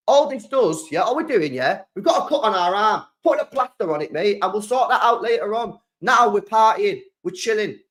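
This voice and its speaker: A young man with a British accent hosts a casual live stream, chatting excitably in slang and circling back to the same points. His voice sits high for a man. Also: moderate pace, hardly any pauses. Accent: British English. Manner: excitable, slangy, repeats himself. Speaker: football channel host.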